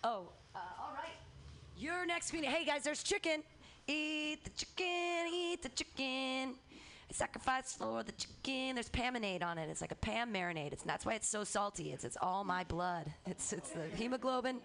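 A woman's voice: a little high, lively intonation, brisk, gravelly, a bit bright. A woman hosting a comedy open mic, introducing comedians with upbeat, jokey patter. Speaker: comedy show host. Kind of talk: emceeing a comedy show. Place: comedy club stage. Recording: faint background noise.

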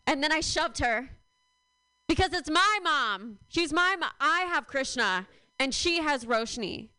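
A woman's voice: high voice, animated, measured pace, bright, forceful tone. A young woman in her twenties doing a rambling stand-up set, full of fillers and self-deprecating asides. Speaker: stand-up comedian.

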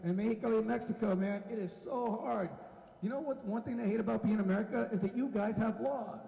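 A man's voice: high voice, fast talker, vocal fry, lo-fi sound. A man doing a stand-up comedy set on a club stage, brash and profane as he teases the crowd. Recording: echoey hall.

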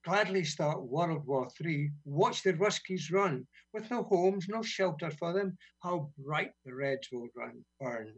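A man from Britain reading his own poems on community radio, relaxed and wry between blunt, sweary verses. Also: a little high, takes it slowly, hardly any pauses, slightly rough. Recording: dull lo-fi radio sound.

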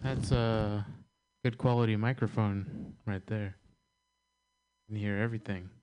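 A man's voice: fairly low pitch, fairly even intonation, measured pace, darkish tone, slight background noise. A man performing a stand-up comedy set with offhand asides. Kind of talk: stand-up routine.

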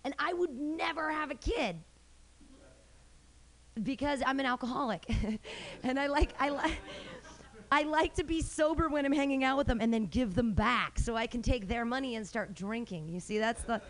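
A woman's voice: high-pitched, moderate pace. A young woman hosting a small live comedy show and performing a stand-up set in a brash, rambling, self-mocking way, full of fillers and restarts. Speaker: comedy host and stand-up comic.

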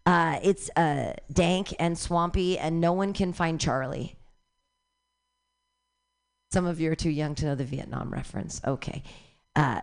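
A woman in her forties doing crude stand-up comedy into a handheld mic on a club stage. Her voice sits a little low, and her halting storytelling leaps up into squeals. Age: 40s. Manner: bawdy, halting storytelling with squealing pitch jumps. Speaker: stand-up comic.

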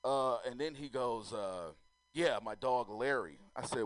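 A man's voice: mid-range voice, expressive, measured pace, dry recording, rough recording. A man doing a loose, profane stand-up comedy set, often laughing at his own jokes.

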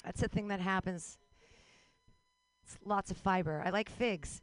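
A woman's voice: mid-range voice, animated, normal speed, no room sound. A woman emceeing a comedy open mic, bubbly and playful as she brings on the next act. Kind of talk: introducing comedians.

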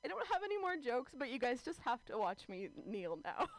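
Animated self-mocking woman doing stand-up. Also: sits high, a little fast, low-quality recording. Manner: rambling, self-mocking, full of "like". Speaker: stand-up comedian. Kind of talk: stand-up storytelling set.

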